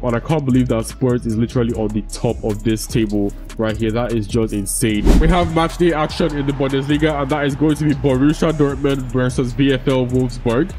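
Young man, gaming commentary, casual swearing, mid pitch, faint music behind. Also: mellow, low-quality recording. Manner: swears freely, frustrated rants at the game. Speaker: gaming YouTuber.

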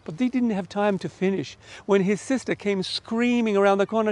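A middle-aged man with an Australian accent tells a children's story in an online church service. His delivery is lively and animated, speaking straight to the children. His voice sits high for a man. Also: normal speed, few pauses, no room sound. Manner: lively, animated storytelling, warm direct address.

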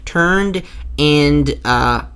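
A man's voice: a little high, extremely slow, a bit bright, clear, resonant tone. A young man making a gaming video, talking casually and eagerly to his viewers and often restarting his sentences. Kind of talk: casual talk to viewers over gameplay footage.

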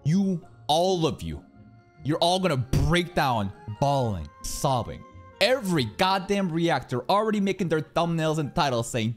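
A young man hosting an anime reaction video, talking in a sarcastic, excitable way and swearing freely. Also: a little high, normal speed, faint music behind. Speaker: anime reaction channel host.

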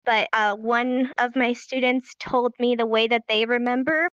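A woman's voice: on the high side, fairly even intonation, measured pace, a bit bright, no room sound. A woman teaching a live online sign language class in an upbeat, encouraging way, recorded as dull lo-fi stream audio.

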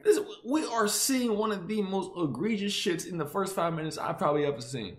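A man's voice: sits high, lively intonation, brisk. A young man reacting to a movie with profane, laughing, incredulous outbursts. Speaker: reaction video host. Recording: echoey room.

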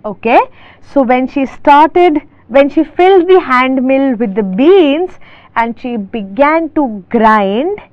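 Slow-paced woman teacher explaining a story. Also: high voice, dry recording. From India. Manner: explains each phrase with slow restatements and fillers. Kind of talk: reading a story aloud and explaining words. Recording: dull dry lo-fi recording.

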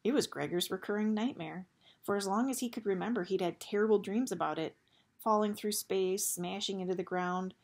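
A woman reading a novel aloud in a steady storytelling manner. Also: mid-range voice, a little fast. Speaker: audiobook reader.

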